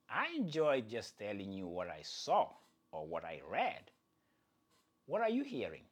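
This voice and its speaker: A man hosting his own channel, giving casual, playful commentary with chatty asides to viewers and jokes at his own expense. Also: mid-range voice. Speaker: athletics commentator and channel host.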